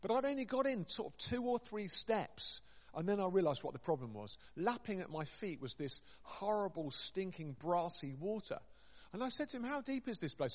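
A man's voice: high-pitched, lively intonation, normal speed. A man, a vicar, preaching a chatty, humorous story-based sermon with self-deprecating asides. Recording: dull sound with long hall reverb. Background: long reverb.

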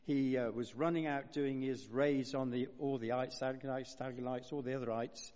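A man's voice: mid-range voice, steady tone, moderate pace, darkish tone. Man preaching in an echoing church hall. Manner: conversational and rambling, with asides and restarts. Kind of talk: informal sermon. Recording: dull lo-fi sound in a reverberant hall.

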